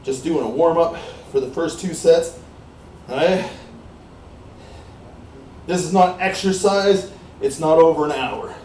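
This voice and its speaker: A slightly mellow voice on the high side belongs to a Canadian vlogger who has just been exercising and is out of breath. He rambles on casually, returning to "like I said" and using "uh" whenever he pauses. Recorded off-mic in a small, warm indoor room, the audio is roomy with a faint hiss.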